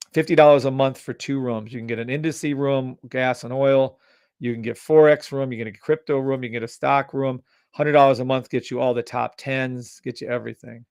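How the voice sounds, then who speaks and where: A man hosting a live trading stream, pitching a scanner and ranting bluntly at viewers, swearing freely and sounding exasperated. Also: gravelly, no room sound, clean studio sound. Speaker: trading livestream host.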